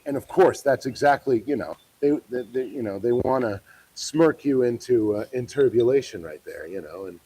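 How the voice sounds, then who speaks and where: A man filming a street vlog, switching between low muttered asides to the camera and sarcastic, mock-formal heckling. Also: animated, normal speed, mellow, slightly rough, rough recording. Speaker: protester filming himself.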